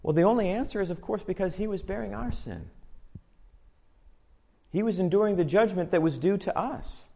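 A man preaching a sermon, earnest, slowing down to read scripture and pressing harder on his key points. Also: high-pitched, vocal fry, dark tone. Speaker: pastor.

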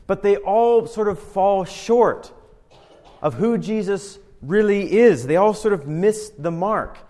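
Pastor, male, fairly high voice, emphatic sermon delivery, long hall reverb. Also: takes it slowly. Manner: emphatic, swings between loud declarations and quiet low phrases.

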